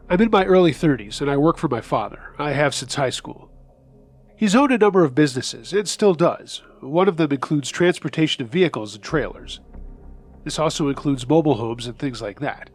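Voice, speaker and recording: Husky male horror story narrator. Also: on the high side. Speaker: storyteller host.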